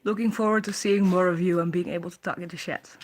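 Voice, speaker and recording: A woman's voice: lowish voice, steady tone, fast. Chatty Dutch-accented woman streaming. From Netherlands. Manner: chatty, laughs often, reads chat aloud. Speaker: live stream host. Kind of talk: casual live stream chat. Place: her home.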